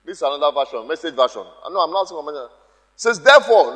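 A man's voice: fairly high pitch, very animated, brisk, a bit bright, in a large hall. A man preaching a sermon, emphatic, repeating key phrases and calling out to the congregation.

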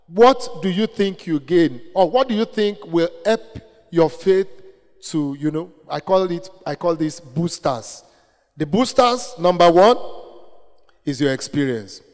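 A man's voice: fairly high pitch, expressive, unhurried, darkish tone, big-room sound, low-quality recording. A man with a Nigerian accent preaching an interactive sermon, asking the congregation questions and then answering them himself. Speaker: preacher leading a Bible study.

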